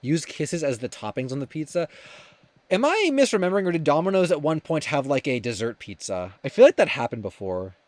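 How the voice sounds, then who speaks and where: He's a young man running a livestream, his high-leaning voice sing-song and brisk, with no room sound. Reading comments from viewers, he chats casually and rambles, full of fillers and restarts.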